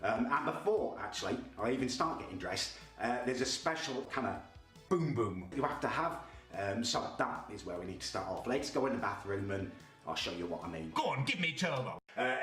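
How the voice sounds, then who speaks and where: A man's voice: medium pitch, sing-song, a little fast, a bit bright, faint music behind. A young man ranting in a comic vlog monologue, stumbling over repeated words. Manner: ranting, stammering repetitions. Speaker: comedy video creator.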